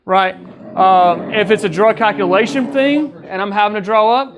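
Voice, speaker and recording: A man's voice: sits high, steady tone, moderate pace, crowd noise. A man who works as an EMS training officer gives a casual training lecture to his crew. He talks in a conversational way, joking with them and often checking in with "right?". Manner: jokes with the crew.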